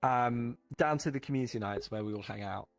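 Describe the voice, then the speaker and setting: Halting man telling his story with fillers. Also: mid-range voice, gravelly, dry recording, faint music behind. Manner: halting, many fillers and restarts. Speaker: guest. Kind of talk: casual chat.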